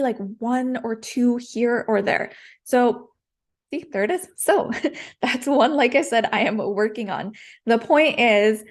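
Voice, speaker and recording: A woman leads a live-streamed public speaking lesson, coaching in a direct, encouraging way and repeating her key points. Her voice is a little high.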